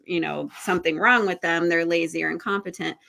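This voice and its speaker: A woman hosting a casual webinar conversation, chatty and animated, laughing easily. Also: lowish voice, a little fast, vocal fry. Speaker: host.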